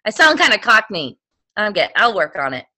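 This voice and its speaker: A woman's voice: medium pitch, big pitch swings, moderate pace, bright, forceful tone. A woman guest, a stage actor, chatting casually in a bubbly, self-deprecating way. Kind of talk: casual chat.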